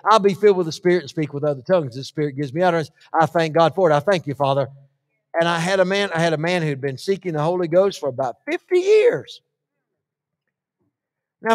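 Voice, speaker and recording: A man preaching a sermon, swinging from hushed asides to shouted lists and acting out the voices he quotes. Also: sits high. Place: church hall. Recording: long church-hall reverb.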